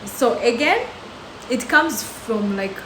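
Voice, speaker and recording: A woman giving scripted commentary in a slow, measured, explanatory way. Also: fairly high pitch, sing-song. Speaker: reaction commentator. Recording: echoey room with loud hiss.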